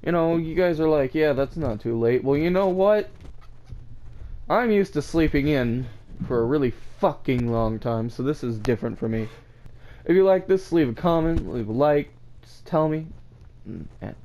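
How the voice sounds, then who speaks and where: A tired man giving profane, excitable gameplay commentary on his own desk mic, trash-talking as he plays, his voice cracking when he gets worked up. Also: mid-range voice, moderate pace, a little hiss or hum. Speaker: gaming channel host.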